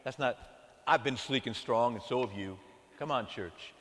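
A man's voice: mid-range voice, normal speed. A man preaching a sermon as pastor, calling out to his congregation and asking if they are praying with him. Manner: animated preaching, calls out to the congregation. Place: church sanctuary. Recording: long hall reverb.

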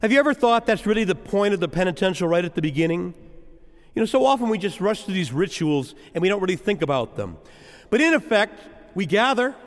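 A man preaching a sermon as a priest, with rhythmic, repetitive phrasing and dramatic pauses. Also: high-pitched, in a large hall. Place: church.

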